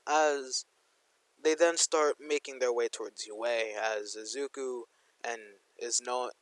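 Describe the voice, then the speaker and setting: A man's voice: mid-range voice, a bit bright, no room sound, poor audio. A young man casually narrating a fan-made story, rambling with lots of slang and "like", on a close mic.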